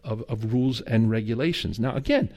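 A man's voice: mid-range voice, brisk, darkish tone. A middle-aged man preaching a sermon as a pastor, telling stories with humor and acted dialogue. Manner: conversational storytelling with humor and quoted dialogue.

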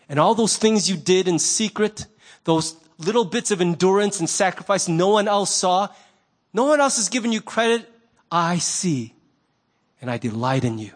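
A man preaching a sermon as pastor, conversational and animated, acting out little quoted voices. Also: high voice, normal speed.

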